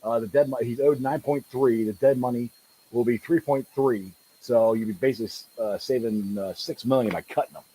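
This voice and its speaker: A man hosting a live sports podcast, talking loudly and excitably with frequent laughs. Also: medium pitch, brisk, breathy edge, poor audio. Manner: loud and excitable, laughs often. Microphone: desktop mic set too close.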